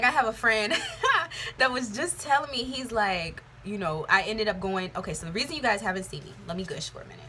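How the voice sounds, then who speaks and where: A young woman gives a tarot reading in a loose, chatty way. She is frank and rambling and swears freely. Her voice is bright and forward, with a faint hiss of noise behind it. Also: mid-range voice. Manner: candid, profane, rambling. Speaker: tarot reader. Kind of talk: casual tarot reading vlog.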